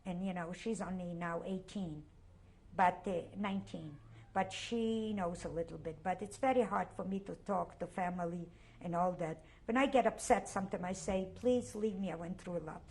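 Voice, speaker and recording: An older woman from Poland with a Polish accent, giving a halting, emotional oral history interview and often repeating herself. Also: on the low side, darkish tone.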